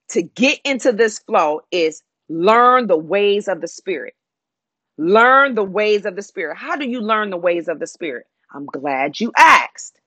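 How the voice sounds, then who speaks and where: A woman's voice: medium pitch, a bit bright, no echo. A woman preaching a sermon, repeating phrases and declaring in an emphatic way.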